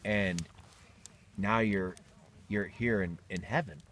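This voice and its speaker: A man plays a patient Saint Peter at heaven's gate, speaking low and soft. He stammers calmly through his reassurances, steady and kindly, with faint noise behind him. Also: slow.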